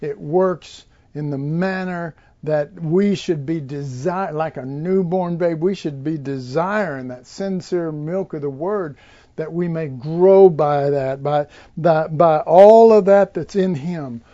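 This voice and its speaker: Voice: mid-range voice, slow pace, mellow, muffled recording. A preacher giving an informal Bible teaching, rambling with many fillers and restarts.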